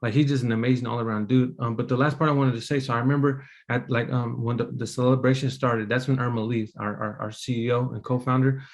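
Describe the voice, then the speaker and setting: A man's voice: mid-range voice, steady tone, quick pace, hardly any pauses. A man telling his personal story to a meeting audience in a casual, rambling way, full of fillers and restarts, earnest and emotional. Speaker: apprentice speaker at a business meeting.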